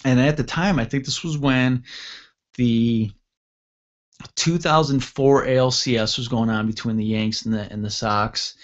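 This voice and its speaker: A man from upstate New York telling a long story on a talk show, rambling and correcting himself, and lively when he acts out the dialogue. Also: medium pitch, a little slow, muffled recording. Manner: rambling with frequent self-corrections; animated when acting out dialogue. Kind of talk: casual anecdote telling.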